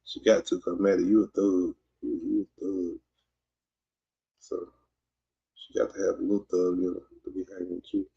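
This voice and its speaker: In dull lo-fi audio, a podcast host from Mississippi chats casually on a livestream, teasing and wandering off topic with many fillers and restarts. His low, creaky voice carries a Southern accent, a level tone and a dark, breathy quality. He moves at normal speed and pauses often.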